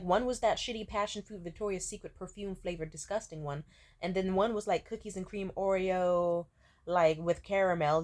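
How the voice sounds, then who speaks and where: A woman telling a story in a casual, ranting way, sarcastic and profane, full of filler words. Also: medium pitch. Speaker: vlogger.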